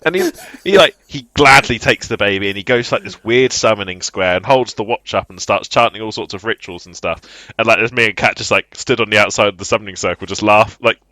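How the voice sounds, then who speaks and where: A man co-hosting a podcast, telling a tabletop game story in a lively, laughing way. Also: on the low side, fast talker, no echo, rough recording. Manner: animated, laughing as he tells the story. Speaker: podcast co-host.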